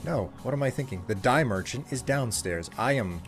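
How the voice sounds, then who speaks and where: Lively mock-indignant male game streamer. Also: mid-range voice, normal speed, faint music behind. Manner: playful, mock-indignant, talks to chat. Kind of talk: live game commentary.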